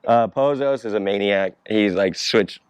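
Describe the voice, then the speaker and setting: A man's voice: fairly low pitch, a little slow, smooth, no room sound. A young man in casual chat, answering fan questions about skateboarding in a loose, rambling way, swearing freely and laughing often.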